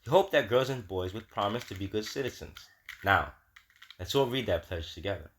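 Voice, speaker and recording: A man's voice: on the low side, lively intonation, moderate pace, fairly bright tone, slight background noise. Patient storybook schoolteacher, read by a man. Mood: explaining. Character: kind, patient woman schoolteacher.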